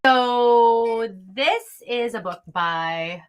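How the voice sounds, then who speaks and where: A woman's voice: fairly high pitch, lively intonation, extremely slow. A woman, co-hosting a podcast in casual, enthusiastic chat. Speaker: podcast co-host.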